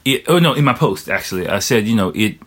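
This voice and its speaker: A young man talks in a loose, rambling monologue with a fairly low voice. He swears freely and leans on filler words as he circles his point. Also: animated, fast, fairly bright tone, slightly rough. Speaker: vlogger. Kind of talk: casual storytelling monologue.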